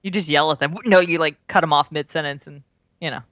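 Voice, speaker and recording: Bright-voiced teasing woman. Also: sits low, steady tone, no echo. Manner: teasing, quick to laugh. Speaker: podcast co-host. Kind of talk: casual chat.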